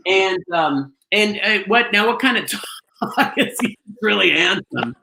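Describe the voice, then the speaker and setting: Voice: medium pitch, lively intonation, normal speed, gravelly. A bingo host on a live stream from a trailer, chatty and gushing, rambling with lots of fillers. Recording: echoey room, faint noise.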